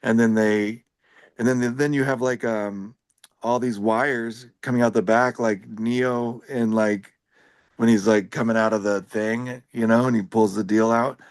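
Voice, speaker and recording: A man's voice: mid-range voice, steady tone, a little slow, clear, resonant tone, no echo, clean studio sound. A man talking casually on a podcast about living with epilepsy, rambling with lots of filler words and a wry, joking manner. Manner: rambling, heavy use of "like" fillers.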